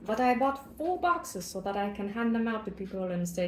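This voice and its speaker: A woman's voice: medium pitch, expressive, fairly quick, hardly any pauses, a little hiss or hum. A young woman chatting playfully while she bakes in her kitchen, often dropping into a whisper. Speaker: book vlogger. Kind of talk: casual chat while baking. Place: home kitchen. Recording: echoey kitchen.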